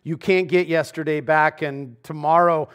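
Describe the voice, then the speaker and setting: A pastor preaches in a conversational way. His voice sits a bit high for a man. He jumps between loud emphasis and quiet asides as he speaks to the congregation. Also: fairly even intonation, moderate pace, clean tone. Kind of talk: sermon. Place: church sanctuary.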